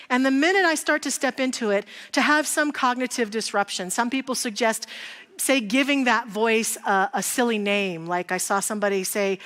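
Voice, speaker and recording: Animated and a little high-voiced, a woman minister preaches at a moderate pace in a large church. Her sermon unfolds as warm, conversational storytelling with rhetorical questions, carried by long hall reverb.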